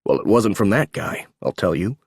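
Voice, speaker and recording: A man's voice: on the low side, very animated, normal speed, husky, no room sound, studio quality. A man reading an audiobook, voicing a nosy male neighbor in a plain, slightly snippy way.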